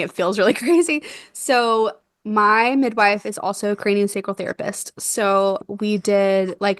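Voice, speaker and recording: Young woman, podcast guest, animated storyteller, mid-pitched, close dry mic. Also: no echo. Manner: animated, laughs often, acts out quoted dialogue. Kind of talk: conversational birth storytelling.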